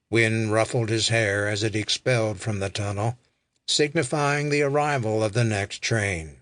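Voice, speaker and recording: A man narrating an audiobook in a measured, deliberate way. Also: on the low side, fairly even intonation, a bit bright, no room sound, clean studio sound. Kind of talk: scripted narration.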